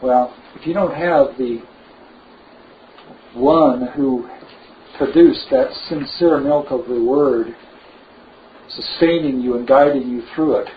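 A man preaching a sermon, slow and emphatic, with lively asides. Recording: dull low-fi recording with faint noise.

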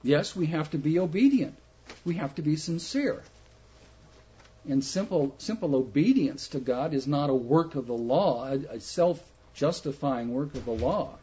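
A man preaching a sermon slowly and emphatically, putting rhetorical questions to his listeners. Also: fairly high pitch, expressive, warm tone, breathy edge. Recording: muffled lo-fi recording.

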